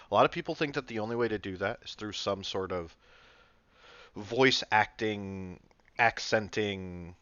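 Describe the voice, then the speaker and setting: Hosting a laid-back panel on tabletop role-playing, this podcast host and dungeon master rambles, full of fillers and false starts. His voice sits on the low side with a slightly bright quality, and the lo-fi recording sounds dull and dry, free of echo.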